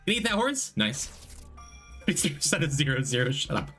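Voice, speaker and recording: Guy streaming games, bright voice, bouncy pitch, rambles n jokes w chat. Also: sing-song, normal speed, soft background music. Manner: rambling, reads and answers chat, joking. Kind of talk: casual live-stream chat while gaming.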